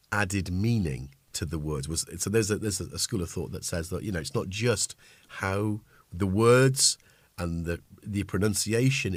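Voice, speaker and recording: A man with a lowish voice hosts a casual livestream from his home synth studio. He rambles cheerfully and cuts himself off mid-thought. The sound is dry and close, with little room echo. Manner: rambling, self-interrupting, chatty. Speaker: livestream host. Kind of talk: casual chat while playing synths.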